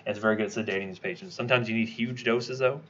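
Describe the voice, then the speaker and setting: A man giving a conversational lecture, quizzing his class with quick questions as he teaches. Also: fairly low pitch, steady tone, a bit bright, lo-fi sound, slight background noise. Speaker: toxicology lecturer.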